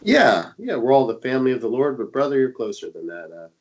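A man's voice: medium pitch, wildly swooping pitch, fast, poor audio. A man with a stuffy, congested voice from a cold, co-hosting a religious radio show and talking eagerly with many fillers. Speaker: co-host and internet evangelist. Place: Dallas, Texas area.

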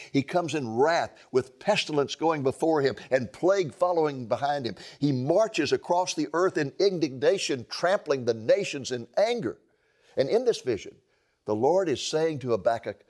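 A man's voice: medium pitch, a little mellow. A male preacher delivering a sermon, building drama with rhetorical questions.

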